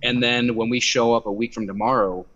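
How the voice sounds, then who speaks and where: A young man telling a story in casual chat on a video call, animated and swearing, acting out quotes in a louder voice. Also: medium pitch, brisk. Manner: animated, swearing, acts out quotes by raising his voice. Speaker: activist guest. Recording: dull lo-fi video call audio.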